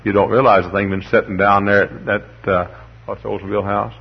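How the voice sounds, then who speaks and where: A husky-voiced pastor, a man, preaches in a rambling, humorous way, stumbling over repeated words as he spins folksy stories. Then he climbs into emphatic declarations. The sound is dull and lo-fi, like an old recording. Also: fairly low pitch, little pitch movement, a little fast. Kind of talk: sermon with folksy storytelling.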